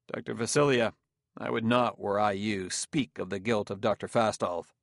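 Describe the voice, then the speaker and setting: A man reading a weary middle-aged detective, measured and guarded. His voice is gravelly and recorded dry and close in this audiobook. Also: on the low side, fairly even intonation, dry recording.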